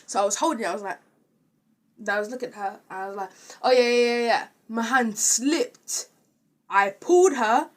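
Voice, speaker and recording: A woman's voice: medium pitch, moderate pace. A young woman telling a casual, rambling storytime with lots of filler words. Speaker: vlogger.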